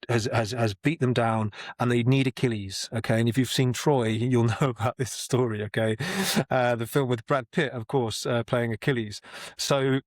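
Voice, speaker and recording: A man's voice: medium pitch, no echo, studio quality. A man giving a casual spoken lesson on Shakespeare, talking conversationally with frequent restarts and repeated words, sometimes chanting the verse rhythm aloud. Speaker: Shakespeare explainer. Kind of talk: casual explanatory talk to camera.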